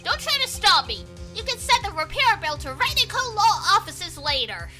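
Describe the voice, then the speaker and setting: A woman's voice: extremely high pitch, big pitch swings, normal speed, pushed and bright, soft background music, pitched above the performer's own voice, heavily acted. A woman voicing a young male defense lawyer, earnest and easily flustered. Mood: urgent.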